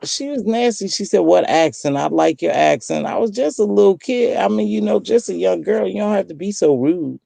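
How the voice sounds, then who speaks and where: A woman in her sixties hosting a casual late-night chat, telling lively stories and acting out the voices she quotes. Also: medium pitch, a little fast, creaky, hardly any pauses, husky, no echo. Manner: lively storyteller who acts out quoted voices. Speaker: host.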